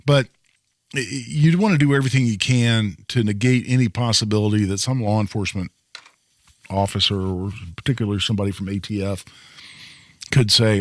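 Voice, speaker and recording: A man's voice: lowish voice, brisk, no echo, clean studio sound. A man hosting a call-in radio show about gun law, explaining points in a conversational way and often restarting phrases. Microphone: studio microphone.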